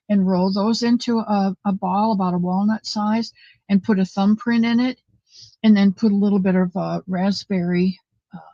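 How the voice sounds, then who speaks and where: A woman's voice: mid-range voice, darkish tone, no room sound, lo-fi sound. A woman hosting a casual live stream, greeting viewers by name and chatting about recipes. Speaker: livestream host.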